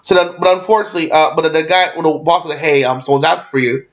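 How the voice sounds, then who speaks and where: A young man rambling through a casual movie recap, excitable and swearing freely, with lots of fillers and restarts. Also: fairly high pitch, very fast, lo-fi sound. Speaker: movie reviewer.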